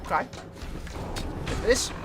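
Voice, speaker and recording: A woman streaming a video game, chatting casually with her viewers and swearing freely as she plays. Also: drawn-out words. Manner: chatty, swears freely, talks to chat while playing. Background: game music.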